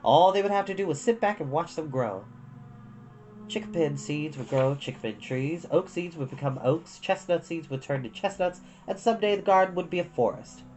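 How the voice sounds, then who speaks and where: A woman reading a novel aloud with expressive storytelling. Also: low voice, normal speed, soft background music.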